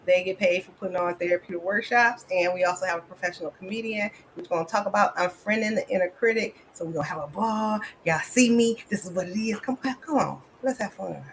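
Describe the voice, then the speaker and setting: A woman's voice: medium pitch, fairly quick, few pauses, slight background noise. A woman therapist and coach, giving an emphatic, motivational conference talk over a video call. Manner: emphatic, motivational, addresses audience as y'all.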